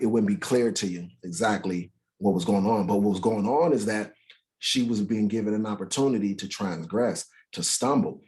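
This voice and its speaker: Male Bible study teacher, lowish register, casual and conversational, drawn-out readings of scripture. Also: darkish tone. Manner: conversational, asks listeners "right?", reads scripture aloud slowly and dramatically; searches for words, restarts sentences.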